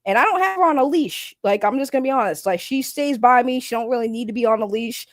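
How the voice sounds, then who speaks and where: Woman, livestream host, casual rambling chat, blunt and joking, swears freely, fairly high voice, dry sound. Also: lively intonation, quick pace, dry recording.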